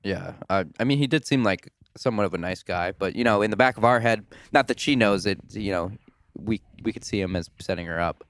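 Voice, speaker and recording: A young man co-hosting a podcast, telling a film's plot in a relaxed, chatty way. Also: on the low side, fairly quick, a little hiss or hum. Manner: relaxed storytelling with fillers. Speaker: podcast co-host. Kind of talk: casual movie review chat.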